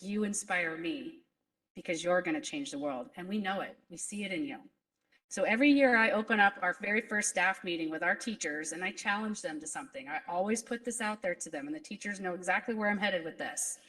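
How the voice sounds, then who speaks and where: A woman's voice: medium pitch, a bit bright, recorded from a distance, poor audio. A woman principal giving an earnest, emotional graduation speech to students. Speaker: school principal. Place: school graduation ceremony.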